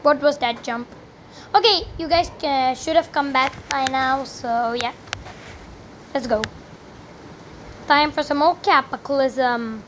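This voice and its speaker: A young woman giving chatty, rambling commentary while playing a video game, with sudden loud exclamations. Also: sits high, slow, pauses often, a little hiss or hum. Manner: chatty, rambling, exclaims loudly when she fails. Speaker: gaming commentator. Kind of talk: live gameplay commentary.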